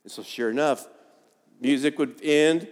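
A pastor with a fairly high voice speaks unhurriedly, his words trailing into long reverb. He tells a story within his sermon, acting out the voices of the people in it.

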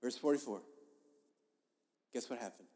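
A male pastor preaching a sermon with a mid-range voice. He talks to the congregation conversationally, then presses his points with emphasis and drops to a hush. The sound carries the long reverb of a large church hall. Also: mid-range voice, moderate pace. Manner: conversational, emphatic preaching that swings between loud and soft. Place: church sanctuary.

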